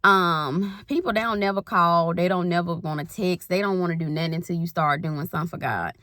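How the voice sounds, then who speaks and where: A woman's voice: fairly low pitch, a little fast, a bit bright, no echo, clean studio sound. A woman in her thirties, a spiritual life coach, giving a rambling, folksy pep talk in casual Southern slang. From Southern US countryside. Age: 30s.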